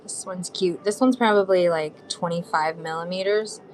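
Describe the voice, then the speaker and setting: A woman's voice: on the low side, moderate pace, a little mellow, slight background noise. A woman in her thirties from Southern California, selling jewelry supplies on a live stream in a chatty, bubbly way, talking straight to viewers. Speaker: live shopping seller.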